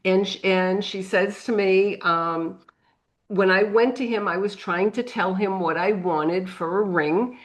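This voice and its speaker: A middle-aged woman with a New England accent, telling a lively anecdote on a panel and acting out the voices in it. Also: medium pitch, unhurried. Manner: animated anecdote with acted-out quotes. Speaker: panel guest. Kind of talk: storytelling on a panel.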